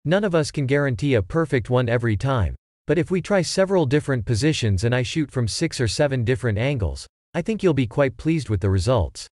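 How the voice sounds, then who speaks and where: A man's voice: medium pitch, expressive, brisk, darkish tone, no room sound, clean studio sound, natural voice. A man voicing an earnest, long-winded male baby photographer in a read-aloud joke, talking matter-of-factly like a salesman.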